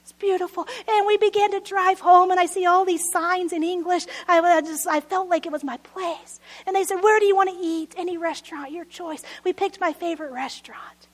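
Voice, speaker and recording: A woman with a very high voice preaches an earnest sermon. She pleads with her listeners, swelling louder on her appeals and sinking to a near-whisper on tender lines. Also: fairly even intonation, brisk, hardly any pauses.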